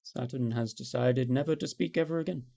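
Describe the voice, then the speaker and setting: A man's voice: medium pitch, fairly quick, creaky, dark tone. A man narrating a tabletop game as game master on a live stream, often laughing and correcting himself.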